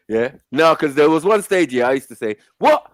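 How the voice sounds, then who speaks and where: Animated joking man. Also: fairly high pitch, no room sound. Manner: animated, joking, laughs often, London slang. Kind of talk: casual banter with friends.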